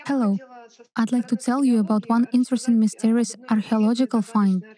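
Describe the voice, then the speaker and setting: A woman giving a prepared presentation as a panel participant, steady and informative. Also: fairly high pitch, a little fast, poor audio.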